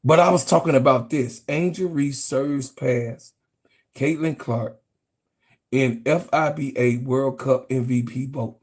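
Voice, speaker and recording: A man hosting a sports channel, ranting in a profane, excitable way and laughing through his talk. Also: medium pitch, a little slow.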